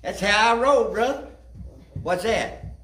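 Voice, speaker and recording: A man's voice: high voice, slow, fairly bright tone, reverberant, a little hiss or hum. A man preaching a sermon in a church, folksy and rising to fervent cries of amen. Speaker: pastor. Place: church sanctuary.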